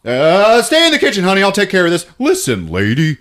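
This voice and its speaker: A man doing a gruff, protective suburban dad. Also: sits high, huge pitch swings, a little fast, fairly bright tone, pitched above the performer's own voice, exaggerated voice.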